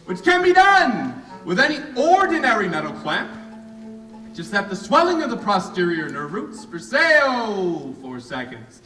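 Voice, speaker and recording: A man playing an excitable young doctor in a school stage musical, lecturing and breaking into song. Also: high-pitched, measured pace, recorded from a distance, soft background music, exaggerated voice. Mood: showy lecture. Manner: theatrical, showy, bursts into song. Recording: echoey hall from afar with band.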